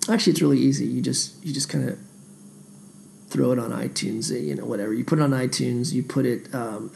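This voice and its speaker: A man with a deeply gravelly, fry-laden voice and a dark, mellow tone tells stories from his music days. He wanders off on tangents and pokes fun at himself. The talk is loose and unscripted. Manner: digressive, self-deprecating, many restarts. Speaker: independent musician. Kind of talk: rambling casual monologue.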